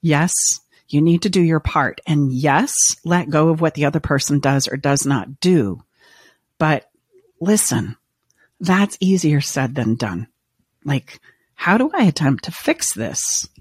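Counselor host on a podcast, earnest and reassuring, mid pitch, dry close sound. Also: animated, unhurried, slightly rough, no echo. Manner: earnest, reassuring, repetitive emphasis. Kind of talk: podcast monologue.

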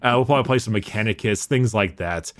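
A young man co-hosting a podcast in casual chat, excited and rambling, swearing casually and laughing often. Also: lowish voice, quick pace. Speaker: podcast co-host.

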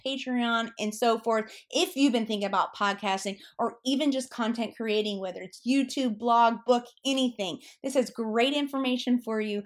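Lady podcast host, kinda high voice, chatty and gushing like a fan. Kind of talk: casual podcast interview.

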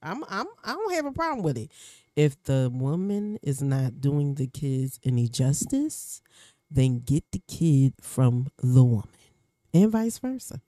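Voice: mid-range voice, sing-song, a little slow, dark tone, no room sound, clean studio sound. A podcast co-host chatting casually, agreeing often with "mm-hmm". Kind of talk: casual chat.

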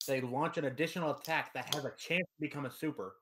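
A man's voice: on the high side, quick pace, fairly bright tone, a little hiss or hum. A man co-hosting a casual podcast, reading out game stats with enthusiasm and playful asides, on a computer mic over a remote call. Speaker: podcast co-host.

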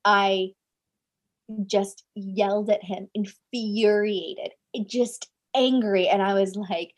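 Speaking slowly in a mid-range voice, this non-native English speaker recounts something that happened in her twenties, though she's older today. She's a life coach giving an interview, and her lively telling is peppered with "right?" and "like."

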